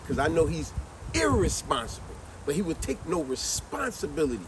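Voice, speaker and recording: A man's voice: fairly high pitch, fairly quick, noisy background. Slangy guy preaching a story in his car, voice swings all over, mic kinda far. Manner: animated, slangy, lecturing. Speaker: vlogger. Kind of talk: casual storytelling.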